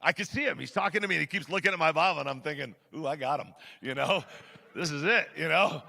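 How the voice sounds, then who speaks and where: A man's voice: a little high, fast, gravelly, bright, forceful tone. A middle-aged man preaching, telling a story in a chatty, self-deprecating way with many fillers, in a church sanctuary. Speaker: guest pastor. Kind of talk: sermon storytelling. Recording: large hall with long reverb.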